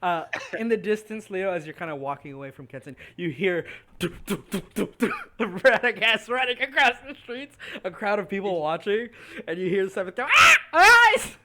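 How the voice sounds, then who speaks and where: Lively, bright-voiced man running a game. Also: sits high, normal speed. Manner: laughs often, animated narration. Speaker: game master. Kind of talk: narrating a tabletop game.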